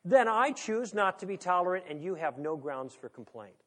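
A man's voice: high voice, sing-song, normal speed. A man lecturing to an audience in a conversational, humorous way, full of rhetorical questions. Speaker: speaker on moral philosophy.

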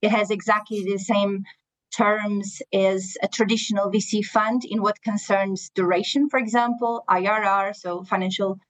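A woman, an impact investor, explaining her view in a podcast discussion, thoughtful with frequent pauses. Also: mid-range voice, flat delivery, poor audio. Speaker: impact investor, panel guest.

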